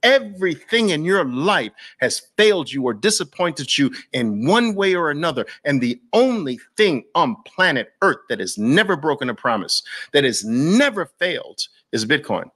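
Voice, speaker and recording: A man's voice: fairly high pitch, big pitch swings, normal speed, few pauses, a bit bright. Fired-up New man teaching a masterclass. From Brooklyn, New York. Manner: emphatic, with repeated punchy lines and rhetorical questions. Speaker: trading educator. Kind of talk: persuasive masterclass talk.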